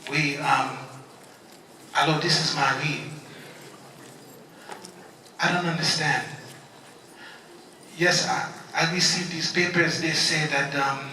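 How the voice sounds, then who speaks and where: A hesitant, soft-spoken Haitian mother, as a male speaker puts her on, heard with a heavy Haitian accent. The voice is bright and carries a lot of echo, as if caught from far off in a big hall. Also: fairly high pitch, fairly even intonation, slow, pauses often, a little hiss or hum, exaggerated voice. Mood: bewildered pleading. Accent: Haitian Creole.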